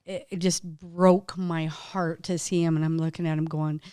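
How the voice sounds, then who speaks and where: A woman's voice: low-pitched, level tone, moderate pace, dark tone, smooth, dry recording, clean studio sound. Heartfelt, emotional woman storyteller. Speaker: acupuncturist guest. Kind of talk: casual interview conversation.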